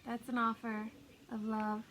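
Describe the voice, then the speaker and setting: Woman, tarot reader, casual chat, slow unhurried delivery, slips into whispers. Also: a little high, completely flat delivery, low-quality recording. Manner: chatty and self-mocking, often laughing; drops into soft whispers. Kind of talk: casual intuitive tarot reading.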